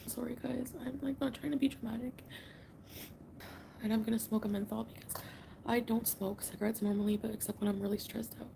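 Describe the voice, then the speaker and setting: A tearful woman rambling softly in a late-night livestream from her home, often half-whispering. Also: on the high side, little pitch movement, brisk, gravelly, long pauses, slight background noise, rough recording. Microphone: phone livestream.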